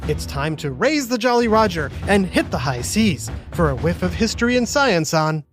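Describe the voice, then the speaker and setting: A man with a high, lively, swooping voice narrates a children's history podcast. His delivery is playful and theatrical. Music plays under his words. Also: normal speed. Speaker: host and narrator.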